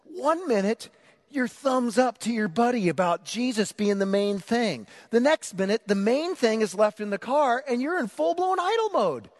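A middle-aged man preaching a sermon, telling a story about himself in an animated, self-mocking way and acting out the shouting. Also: extremely high pitch, normal speed. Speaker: pastor.

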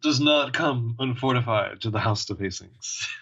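A man's voice: medium pitch, normal speed, creaky, fairly bright tone, breathy edge, highs cut off. A man putting on a haughty patriarch. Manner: haughty, commanding. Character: pompous stern British aristocratic father.

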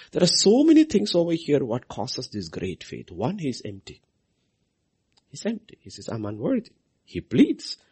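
A man delivers a sermon with a breathy edge, repeating key phrases and swinging his voice from soft lows to loud highs for emphasis.

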